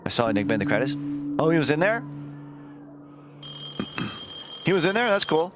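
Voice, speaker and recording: A man streaming a horror game, loud, crude and excitable as he comments on it. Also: fairly high pitch, moderate pace, background noise. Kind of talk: casual gaming commentary.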